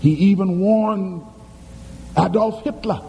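A man's voice: high-pitched, steady tone, slow, vocal fry, mellow, slight background noise. A man preaching a sermon as pastor, dramatic and emphatic, posing questions to the congregation. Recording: echoey hall with faint ambience.

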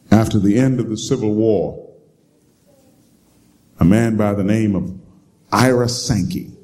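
A man's voice: on the low side, a little mellow. A man preaching a sermon, telling stories and repeating his key lines emphatically to the congregation. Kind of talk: sermon storytelling.

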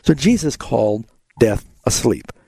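A man's voice: medium pitch, sing-song, measured pace, vocal fry, dark tone, breathy edge, dry recording. A man hosting a Bible call-in radio show, earnestly explaining scripture to callers.

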